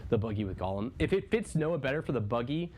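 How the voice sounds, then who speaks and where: A young man, chatting casually with his viewers during a livestream while he paints, breaking into loud excited bursts now and then. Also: medium pitch, fast talker. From Texas. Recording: steady background noise.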